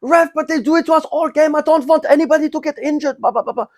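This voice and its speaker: A man putting on a whiny, squeaky little footballer. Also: quick pace, a little mellow, no room sound, clean studio sound. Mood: whining. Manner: high-pitched complaining whine.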